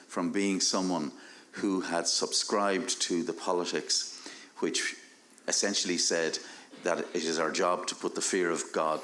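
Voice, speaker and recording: Deep-voiced man telling a quiet story. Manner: reflective, soft-spoken storytelling. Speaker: panelist. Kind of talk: personal anecdote to a live audience.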